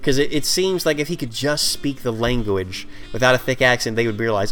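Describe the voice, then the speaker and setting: A man's voice: mid-range voice, fairly bright tone. A man co-hosting a podcast, recapping scenes from a TV episode in casual chat and briefly quoting the characters. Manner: recaps scenes, slipping in quick impressions of characters. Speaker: podcast co-host.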